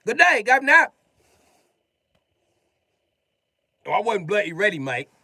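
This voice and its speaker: A man voicing a mocking, posh British gentleman who trades insults during a game. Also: lowish voice, animated, normal speed, husky, no echo, clean studio sound. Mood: gloating. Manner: exaggerated upper-crust put-on voice, mocking.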